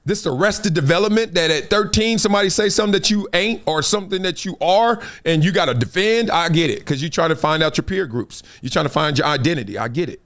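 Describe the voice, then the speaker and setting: A man in his fifties hosting a talk show, telling stories in a casual, animated way and acting out other people's lines. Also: on the high side, quick pace, hardly any pauses. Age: 50s. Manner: animated storytelling, acts out quoted voices, frequent laughs. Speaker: show host.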